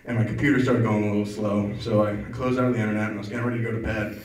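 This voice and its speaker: A man's voice: lowish voice, little pitch movement, racing, recorded from a distance. A man performing a stand-up set at an open mic, rambling and self-deprecating with an offhand delivery. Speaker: stand-up comedian. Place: comedy club, open mic. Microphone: stage mic recorded from far off. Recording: echoey club taped from afar with crowd. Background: audience laughter.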